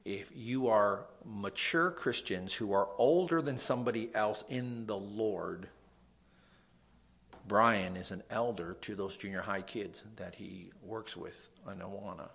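A young man with a nasal voice, a pastor preaching a sermon, dropping to soft asides and rising to loud emphasis. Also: on the low side, unhurried, creaky, slightly rough.

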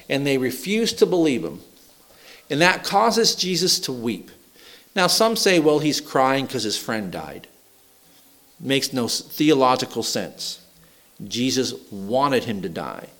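A man's voice: mid-range voice, expressive, measured pace, fairly bright tone. A man preaching a folksy sermon, asking the congregation questions and acting out the voices he quotes. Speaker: pastor.

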